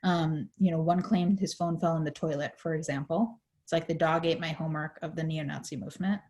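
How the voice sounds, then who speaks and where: Low-voiced woman, hoarse, explaining. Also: steady tone, darkish tone. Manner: measured, with frequent fillers. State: losing her voice. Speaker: legal advocate in a panel discussion. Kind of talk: explanatory panel talk.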